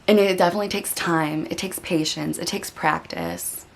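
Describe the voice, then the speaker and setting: A woman's voice: fairly low pitch, fairly even intonation, moderate pace, gravelly, a little hiss or hum. A woman hosting a meditation channel talks candidly to the camera, earnest and reflective, with lots of "like" and "you know", and at times she is close to tears. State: getting emotional. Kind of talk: candid personal talk to camera.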